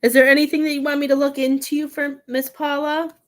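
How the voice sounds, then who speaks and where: A woman's voice: sits high, flat delivery, a little fast. Gushing woman giving psychic readings live. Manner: emotional, gushing, restarts often. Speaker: psychic medium. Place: home.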